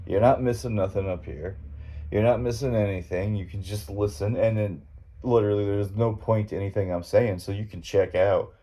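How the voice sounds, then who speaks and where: Casting: middle-aged male podcast host, low mellow voice, folksy rambling storyteller who swears casually. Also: steady tone, moderate pace.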